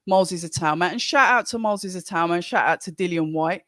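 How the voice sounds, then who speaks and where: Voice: medium pitch, animated, moderate pace, fairly bright tone, dry recording, clean studio sound. A host with a Birmingham accent gives casual live commentary on a stream. They ramble chattily and greet viewers by name as they read the chat. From Birmingham, England. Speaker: livestream watch-along host.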